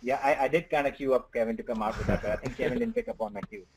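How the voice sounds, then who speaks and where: A man's voice: medium pitch, sing-song, racing, creaky, noisy background. A man with an Indian accent, a company co-founder, presenting on an online webinar in an earnest way, often starting with okay. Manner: repetitive, earnest, says okay a lot.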